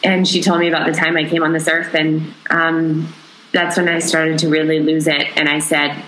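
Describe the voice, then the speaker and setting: A young adult woman, an interview guest, recounting a personal story in an emotional, halting way with many pauses. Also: low-pitched, level tone, fairly bright tone, a little hiss or hum. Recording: roomy echo.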